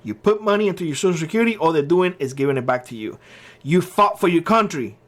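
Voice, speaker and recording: A man's voice: fairly high pitch, expressive, fast, a bit bright. A man hosting his own channel, giving blunt opinion commentary and hammering his points by repeating short phrases. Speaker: channel host.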